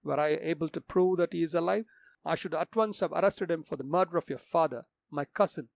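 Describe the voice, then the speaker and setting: A man's voice: on the high side, fairly quick, gravelly, no room sound. A man voicing a desperate, vicious captain who threatens and demands money fiercely.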